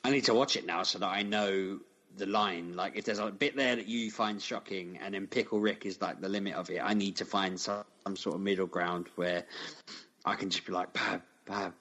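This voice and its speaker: Laid-back man, low voice. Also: fairly even intonation, a little fast, fairly bright tone. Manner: chatty, laughs easily, plain-spoken. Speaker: podcast co-host. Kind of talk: casual chat.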